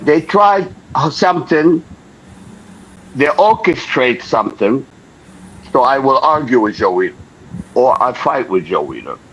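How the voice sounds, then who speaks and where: Unhurried and given to long pauses, this older Lebanese interview guest has a medium-pitched voice. He tells an animated story, taking on the voices of its people. The dull, lo-fi recording has slight background noise.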